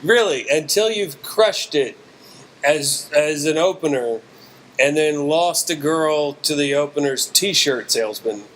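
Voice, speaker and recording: A man from West Virginia hosting a podcast, telling comedy stories in a dry, deadpan way. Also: fairly high pitch, measured pace. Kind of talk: casual storytelling.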